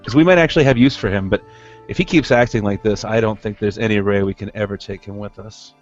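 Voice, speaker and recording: A man's voice: on the low side, quick pace, dull audio, soft background music, lightly acted. A man as a wry blunt elf. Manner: casual, joking, chatty.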